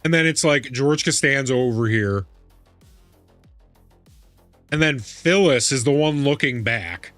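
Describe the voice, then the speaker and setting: A male streamer chatting casually while gaming, with a lively, swinging pitch and an unhurried, drawn-out delivery. He reacts excitably, laughing and cursing. His voice is close and dry, with faint music playing underneath. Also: no echo. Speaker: live streamer.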